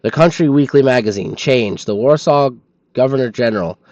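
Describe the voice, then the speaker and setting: A man's voice: mid-range voice, moderate pace, a little mellow, no echo, muffled recording. A man streaming a game, reading its in-game documents aloud in a sleepy manner and stumbling over foreign names.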